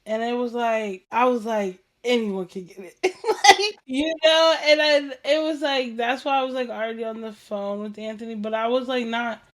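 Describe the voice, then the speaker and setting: A woman hosting a casual chat show, telling stories in an animated, slangy way, acting out what people said and laughing often. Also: a little high, moderate pace. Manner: animated storytelling, acts out quoted dialogue, laughs often; slangy and informal. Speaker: podcast host.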